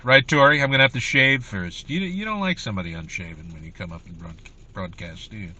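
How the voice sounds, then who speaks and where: Chatty guy doing a comedy livestream, bright forward voice, rambles and greets viewers. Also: fairly low pitch, quick pace, slight background noise. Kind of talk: casual livestream chat.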